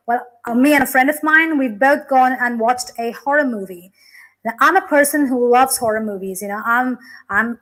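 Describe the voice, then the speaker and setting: High-voiced woman teaching grammar. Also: a bit bright, poor audio. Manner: explanatory, uses fillers like "okay" and "you know". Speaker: English teacher. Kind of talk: classroom grammar lesson.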